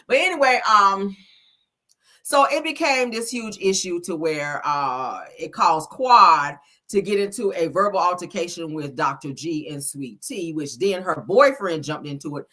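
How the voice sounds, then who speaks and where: A woman hosting a reality-TV gossip channel, telling the story in a sassy, profane, animated way. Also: fairly low pitch, a little slow. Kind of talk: casual reality-TV gossip commentary.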